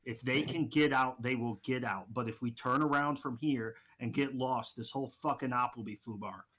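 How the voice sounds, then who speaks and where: Man voicing a covert operative, gruff, commanding, curt, profane, bright forceful tone, tabletop game. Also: medium pitch, normal speed, lightly acted. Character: gruff hard-nosed male covert operative.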